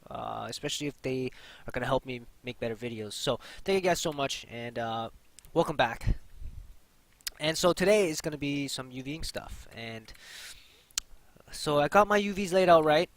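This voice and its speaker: A man's voice: medium pitch, fairly bright tone, rough recording. A young man hosting a casual 3D modeling tutorial, chatty, with lots of fillers and repeated key points. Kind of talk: casual screen-recorded tutorial.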